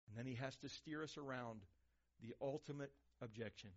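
A man preaching a sermon, swinging between loud emphasis and hushed, quiet lines. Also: medium pitch, fairly quick. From Texas, USA. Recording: dull lo-fi recording.

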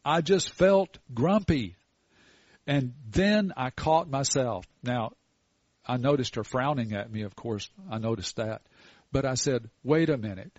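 A man's voice: mid-range voice, expressive, a little slow, a little mellow, dry recording. Older man, folksy sermon, storytelling asides, dry muffled recording. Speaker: preacher.

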